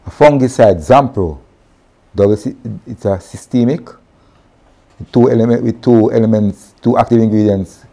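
A man's voice: on the low side, mellow. A man presenting at an online farming session, speaking earnestly and directly to farmers. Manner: earnest, addresses farmers directly, self-corrects. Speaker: agronomy presenter.

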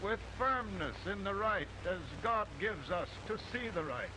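A stately president orating. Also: male voice, sits high, lively intonation. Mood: solemn. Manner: slow, stately, formal oratory. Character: solemn male president giving a formal speech. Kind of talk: period film drama. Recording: noisy film soundtrack clip.

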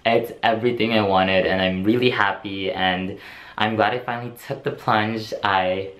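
A man's voice: on the low side, steady tone, moderate pace, a bit bright. A young man filming a casual unboxing vlog, gushing and breathless, repeating himself and trailing off mid-sentence. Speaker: vlogger unboxing a handbag. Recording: echoey room with faint ambience.

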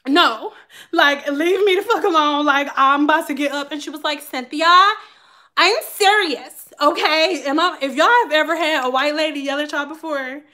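A young woman with a high, bright voice tells a story straight to camera. She is animated and profane and laughs through it. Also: a little fast. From Detroit. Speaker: vlogger. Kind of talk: casual storytelling.

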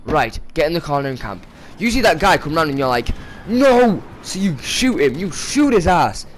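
A man's voice: a little high, very animated, a little fast, fairly bright tone, slight background noise. A young man ranting casually over gameplay, swearing and exasperated with sudden outbursts. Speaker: gaming commentator. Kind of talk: casual gameplay commentary rant.

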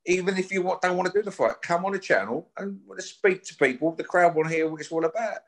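A man's voice: high voice, quick pace. A man talks bluntly as a guest in a casual chat. He swears freely and keeps a challenging, confrontational edge throughout. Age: 50s.

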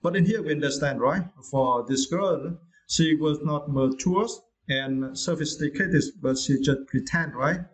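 A man with a Vietnamese accent teaching English vocabulary in a casual lesson, pausing often with "uh" and asking "right?". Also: fairly high pitch, rough recording. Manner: hesitant, many "uh" pauses and "right?" checks; non-native English speaker.

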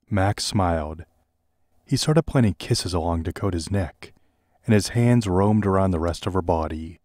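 Deep-voiced man, deadpan parody audiobook reading, close dry mic. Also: normal speed, no room sound. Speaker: narrator.

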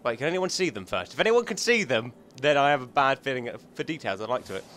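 A man's voice: mid-range voice, very animated, fast, a bit bright, slight background noise. Chatty man commentating on gameplay. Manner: chatty, joking, thinks aloud. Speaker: gaming channel host.

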